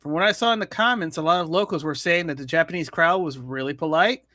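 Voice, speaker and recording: A man hosting a casual comedy news show, talking in halting bursts with restarts and chuckles. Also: a little high, bright, forceful tone, no echo, clean studio sound. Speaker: news commentary host.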